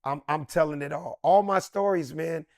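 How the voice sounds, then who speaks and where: A middle-aged man, a comedian, telling a story with excitable swings into loud, high bursts. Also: moderate pace, no echo, clean studio sound. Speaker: comedian guest. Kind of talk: animated storytelling.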